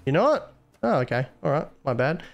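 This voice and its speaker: A man's voice: fairly high pitch, big pitch swings, moderate pace, gravelly, dull audio. A young man admin on a game live stream, casually teasing and mocking players he catches cheating.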